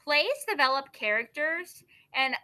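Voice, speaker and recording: Bright high-voiced woman teacher. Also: unhurried. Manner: explains with everyday examples, checks in with "okay?"; firm classroom directions. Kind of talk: classroom lesson.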